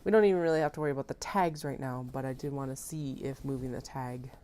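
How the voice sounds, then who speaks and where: A woman's voice: rumbling low, fairly even intonation, quick pace, mellow, a little hiss or hum. A woman in her thirties chatting casually and thinking aloud while she sews on a live stream at home, self-mocking and talkative. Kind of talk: casual chat while working.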